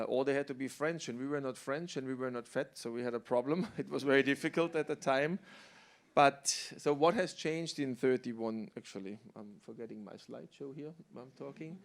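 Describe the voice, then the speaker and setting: A middle-aged man from Germany, a winemaker speaking on a panel, telling his story in a relaxed way with fillers. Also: medium pitch. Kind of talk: panel talk.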